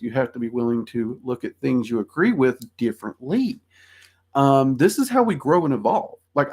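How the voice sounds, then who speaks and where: Southern-drawl man, forties, livestream host, rambling and blunt, mid-pitched voice. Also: creaky, slightly rough. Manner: frank, rambling, with frequent ums and self-deprecating laughs. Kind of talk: casual livestream chat reading viewer questions.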